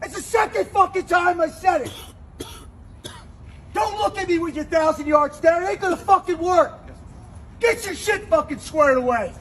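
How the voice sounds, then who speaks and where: A man yelling a profane drill-sergeant style tirade, berating someone nonstop. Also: extremely high pitch, moderate pace, long pauses, slight background noise.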